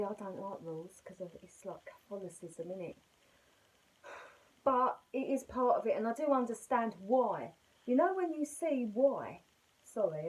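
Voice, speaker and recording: A woman's voice: medium pitch, darkish tone, rough recording. A middle-aged woman teaching yoga basics at home, chatty, rambling and self-mocking. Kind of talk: casual spoken lesson.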